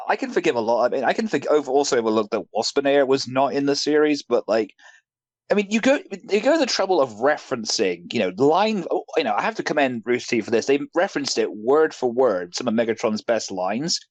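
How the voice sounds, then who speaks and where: A man's voice: medium pitch, very animated, fairly quick, dry recording. A man hosting a casual group review, ranting with swearing and mocking impressions.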